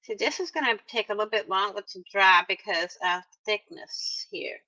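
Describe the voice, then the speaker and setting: A woman's voice: medium pitch, moderate pace, sharp tone. A woman narrating a casual crafting tutorial, chatty and talking straight to her viewers with playful little exclamations, in a dull lo-fi recording. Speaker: craft vlogger.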